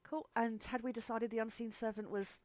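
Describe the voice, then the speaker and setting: A woman's voice: fairly high pitch, little pitch movement, moderate pace, darkish tone, no echo. A woman, narrating and guiding players as game master, with frequent fillers.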